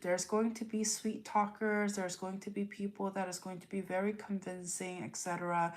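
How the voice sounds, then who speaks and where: A woman giving a live tarot reading, earnest and repetitive, full of rhetorical questions. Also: lowish voice. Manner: earnest, repeats herself, asks rhetorical questions. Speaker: tarot reader.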